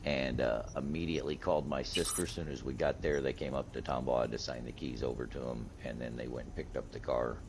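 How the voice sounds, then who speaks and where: A man with an extremely low voice chats while he plays, spinning a profane story full of quoted back-and-forth. The talk is loose and animated. A faint hiss runs under the recording. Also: quick pace, few pauses. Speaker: gaming streamer. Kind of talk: casual chat while gaming.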